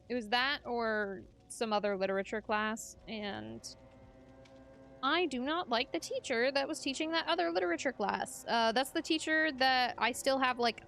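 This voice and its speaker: A woman's voice: a little high, fairly bright tone. A young adult woman streamer chatting casually with her chat while gaming, laughing often.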